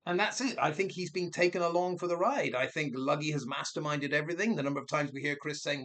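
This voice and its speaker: A man with a somewhat high voice delivers a one-man commentary. He sounds mocking and sarcastic, firing rhetorical questions. He often stops and corrects himself mid-sentence. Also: lively intonation, brisk, a bit bright. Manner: rambling with frequent self-corrections. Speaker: commentary channel host. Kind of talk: monologue commentary.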